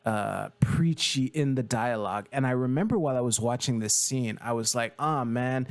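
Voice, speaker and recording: Young man riffing on a TV show, rambling commentary, average pitch, loose delivery with fillers and casual swearing. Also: normal speed. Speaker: video creator.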